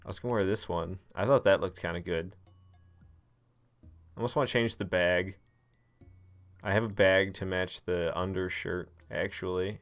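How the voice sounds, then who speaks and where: A man's voice: low-pitched, creaky. A man streaming a cozy life-sim game, chatting casually and thinking aloud, laughing easily at what happens on screen. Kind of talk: casual gameplay livestream commentary.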